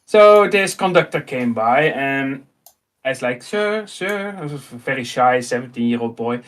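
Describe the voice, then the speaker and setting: A man in his thirties with a Dutch accent, telling an animated personal story in casual chat and acting out the dialogue. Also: mid-range voice, normal speed. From Netherlands. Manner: animated, acts out dialogue, laughs often. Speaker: host.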